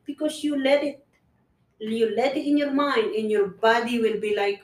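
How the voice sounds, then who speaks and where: Woman, earnest, repeats and restarts, slightly high voice, set back from the mic. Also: fairly even intonation, normal speed, roomy sound, far from the mic, rough recording. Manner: earnest, repetitive, restarts phrases. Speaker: guest sharing personal story. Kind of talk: casual conversation.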